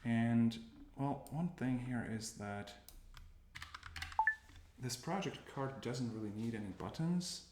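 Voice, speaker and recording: A man's voice: mid-range voice, slow. A man casually narrating his coding session. He thinks aloud, stops often and corrects himself. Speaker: developer demoing his coding workflow. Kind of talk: casual screencast commentary. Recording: roomy with noticeable background noise. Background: keyboard typing and mouse clicks.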